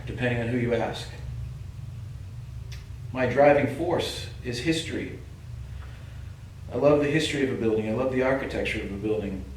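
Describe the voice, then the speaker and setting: Boston-accented male investigator, earnest and coaxing; roomy echo, distant mic, light hiss. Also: mid-range voice. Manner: calm, coaxing, earnest, addressing an unseen presence. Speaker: paranormal investigator. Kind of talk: calling out to a spirit in a ghost hunt. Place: old building at night, indoors. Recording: very echoey room, distant mic, faint hiss.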